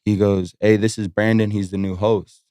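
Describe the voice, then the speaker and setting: Low-voiced man telling rambling stories. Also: little pitch movement, moderate pace, warm tone, clean tone, dry recording, clean studio sound. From Las Vegas. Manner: rambling storytelling, swears a lot, acts out quotes. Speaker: podcast guest, strip club host. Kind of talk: casual podcast chat.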